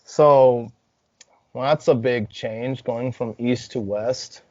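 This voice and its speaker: A young man hosting a casual podcast, relaxed and profane, asking questions and chiming in. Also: medium pitch, slow pace, no room sound. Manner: relaxed, swears freely, laughs often. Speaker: podcast host. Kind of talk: casual interview chat. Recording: dry dull lo-fi podcast audio.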